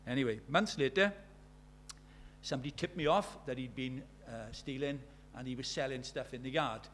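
A man's voice: mid-range voice, normal speed, a bit bright, a little hiss or hum. A middle-aged man from Britain preaching a sermon, telling stories with acted-out dialogue and firing rhetorical questions.

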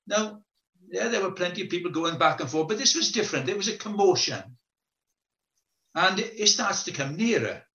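A man's voice: high-pitched, expressive, normal speed, sharp tone. A man preaching a sermon, telling stories and acting out the quoted voices, with questions repeated to the listeners. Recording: echoey room, dull lo-fi sound.

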